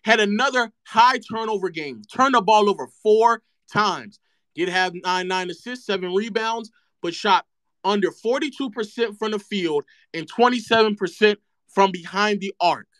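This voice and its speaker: A man's voice: high voice, moderate pace, fairly bright tone, dry recording, clean studio sound. Sarcastic man ranting about basketball. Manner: sarcastic and mocking, repeats phrases for effect. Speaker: streamer.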